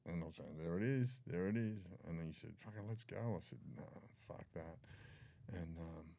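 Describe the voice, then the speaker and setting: A man's voice: low-pitched, normal speed, creaky, warm tone. An older Australian man telling his story in a blunt, profane way, often acting out what others said. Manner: blunt, swears freely, acts out dialogue. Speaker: podcast guest. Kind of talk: candid storytelling.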